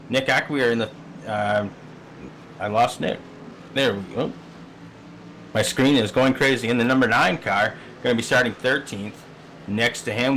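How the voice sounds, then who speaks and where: A middle-aged man commentating an online truck race, relaxed and conversational, with a voice of ordinary pitch. There is a faint hum under his mic. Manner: easygoing, chatty, reads through the starting grid. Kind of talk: sim racing broadcast commentary.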